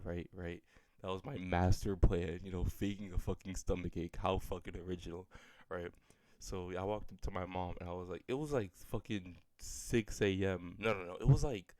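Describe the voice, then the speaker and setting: Deep-voiced young man rambling through a story. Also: steady tone, a little fast, darkish tone, no echo. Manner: rambling, profane, full of "like" fillers. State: slightly sick, voice a bit off. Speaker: storyteller vlogger. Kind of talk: casual storytelling.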